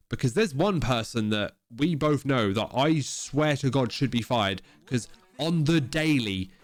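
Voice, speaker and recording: A man, co-hosting a casual podcast chat, blunt and sweary, with halting restarts. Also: mid-range voice. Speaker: podcast co-host.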